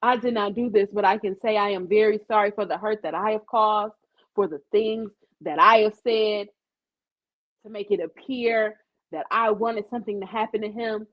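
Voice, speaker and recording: A woman voicing an older woman who gives a measured courtroom apology, earnest and calm. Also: medium pitch, muffled recording, voice pushed down, close to an everyday voice. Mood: solemn apology.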